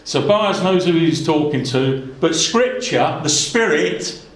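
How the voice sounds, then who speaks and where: Guy preaching a bible sermon, kinda high voice, lots of asides, echoey room. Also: expressive, slow pace. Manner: earnest, conversational, many asides and restarts.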